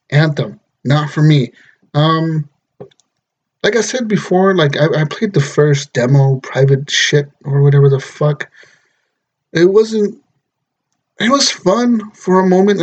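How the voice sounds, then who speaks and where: A man's voice: a little high, a little mellow, dull audio. A young man hosting a solo gaming podcast, ranting and joking with lots of swearing. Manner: profane, exasperated, joking. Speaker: podcast host.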